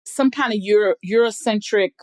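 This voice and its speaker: A middle-aged woman talking on a podcast as a guest, emphatic and animated, spinning her points like a storyteller. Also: medium pitch, moderate pace, dry recording. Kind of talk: casual podcast chat.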